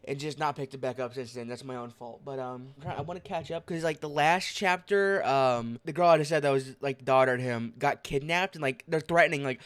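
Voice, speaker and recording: A tired young man rambling casually as a streamer, with a slight lisp from a sore tongue, full of fillers and restarts. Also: medium pitch. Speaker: streamer vlogger.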